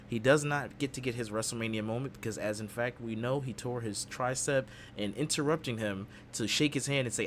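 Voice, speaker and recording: A man's voice: mid-range voice, a little fast, fairly bright tone, a little hiss or hum. A man hosting a casual wrestling podcast, recapping the show in a playful way and slipping into silly voices. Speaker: podcast host.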